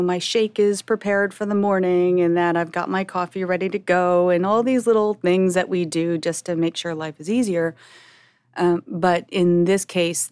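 Low-voiced woman sharing openly. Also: darkish tone, clear, resonant tone, no room sound. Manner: open, reflective, chatty. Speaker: podcast host. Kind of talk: candid personal talk.

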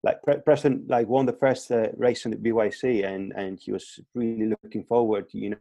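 Low, mellow man on a remote call. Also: steady tone, normal speed, vocal fry, dry recording. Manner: hesitant, many restarts and repeated words. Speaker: guest fitness coach. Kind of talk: casual podcast interview. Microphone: remote call, line breaking up.

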